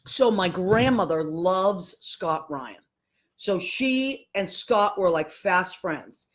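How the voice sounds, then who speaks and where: A woman's voice: lowish voice, lively intonation, slow pace. A woman hosting a live show solo, chatting casually and greeting listeners one by one by name. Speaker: host.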